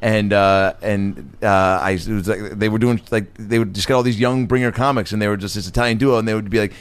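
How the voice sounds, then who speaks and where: A man's voice: fairly low pitch, fairly even intonation, brisk, few pauses, clean tone. A man, a comedian, chatting casually and telling a story, laughing often. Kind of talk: casual chat.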